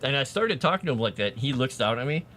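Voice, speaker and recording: Guy streaming and chatting w/ viewers, pitch jumps all over, laughs a lot, mid-range voice. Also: fast talker, slight background noise. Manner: animated, chatty, laughs often, talks to chat. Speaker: streamer writing fantasy lore. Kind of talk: casual live-stream chat.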